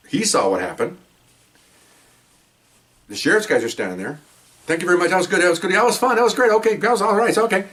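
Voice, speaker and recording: An older man, a retired police officer, tells a story in a casual, animated way, acting out voices and restarting his sentences. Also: medium pitch, distant mic. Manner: animated, acts out voices, laughs, many restarts.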